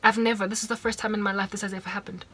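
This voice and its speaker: Racing along in a level, mid-range voice that's a bit bright, a South African woman tells a personal vlog story over soft background music. Her accent is South African, and she's emotional, repeating herself as she quotes the people in it.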